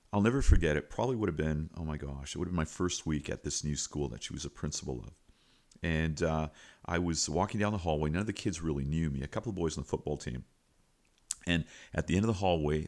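Deep-voiced man telling a school story. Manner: animated, folksy retelling with repeated asides. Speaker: podcast host and teacher. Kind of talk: storytelling anecdote.

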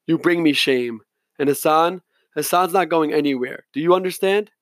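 A man voicing a proud, quick-tempered father who speaks curtly through clenched teeth. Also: on the high side, dry recording, close to an everyday voice. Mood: stern. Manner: curt, angry, clenched teeth.

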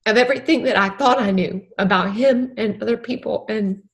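A woman's voice: fairly high pitch, fairly quick. Tearful woman giving earnest faith testimony. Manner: earnest, emphatic, repeats key phrases. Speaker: podcast guest, author and former counselor. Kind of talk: faith podcast conversation.

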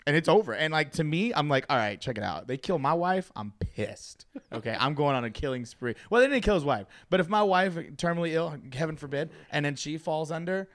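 A man hosting a podcast in a studio, telling stories in an animated, casual way and laughing often. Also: fairly high pitch. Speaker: podcast host. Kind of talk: casual chat.

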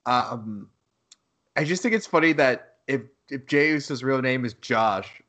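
With a mid-range voice and fairly bright tone, this man speaks at a measured pace while co-hosting a casual podcast. He rambles and swears freely, raising his voice to act out lines and laughing at his own quotes.

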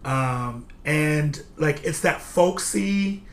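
A man's voice: fairly high pitch, lively intonation, very slow. A man hosting a casual political chat podcast, playful and chatty, with lots of fillers. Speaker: podcast host.

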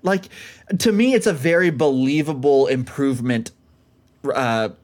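A man's voice: medium pitch, lively intonation, unhurried, a little mellow. A man co-hosting a podcast, chatting casually and enthusiastically about films, often calling his friend dude. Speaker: podcast co-host.

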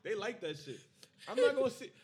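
A man's voice: sits high, sing-song, a little fast, noisy background. A young man co-hosting a podcast in casual chat, joking and boisterous, acting things out as he talks. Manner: joking, boisterous, demonstrates with gestures. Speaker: podcast co-host.

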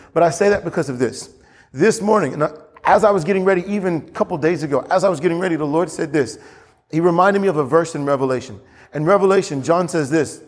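Man, pastor, sermon, fairly high voice, lively preaching, echoing church hall. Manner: animated preaching, rising high when acting out scripture.

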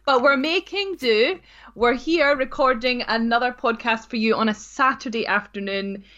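A woman's voice: fairly high pitch, normal speed, a bit bright, highs cut off. A woman co-hosting a casual podcast, chatting frankly and giggling often. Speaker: podcast co-host. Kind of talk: casual chat.

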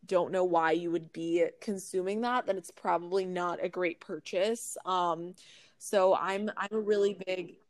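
A woman's voice: fairly low pitch, steady tone, unhurried, no echo. A young woman, a podcast guest, giving earnest food advice in a casual chat, with some fillers. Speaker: podcast guest, nutrition creator.

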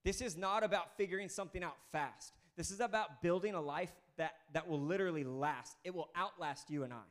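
High-voiced pastor in his thirties preaching. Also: brisk, hardly any pauses. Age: 30s. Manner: energetic, conversational preaching with asides to the congregation. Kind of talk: sermon.

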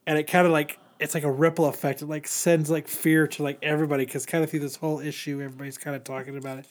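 A man with a slightly high voice talks through a comic story in loose, rambling podcast chat. He trips over his words, leans on fillers and swears freely. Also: little pitch movement, very fast. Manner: rambling, profane, many fillers. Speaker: podcast host. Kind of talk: casual comic book recap.

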